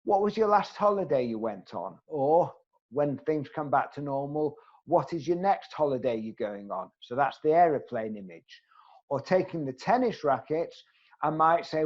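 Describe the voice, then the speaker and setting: A man leads an online training session, earnest and emphatic, often turning to ask his listeners direct questions. His voice sits slightly high for a man. The video-call audio sounds dull and lo-fi. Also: lively intonation, normal speed. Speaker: networking trainer.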